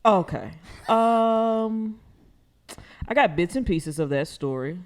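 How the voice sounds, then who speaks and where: A woman's voice: mid-range voice, expressive, slow pace. A woman co-hosting a podcast in casual chat, tired, with a dry, teasing manner. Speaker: podcast co-host.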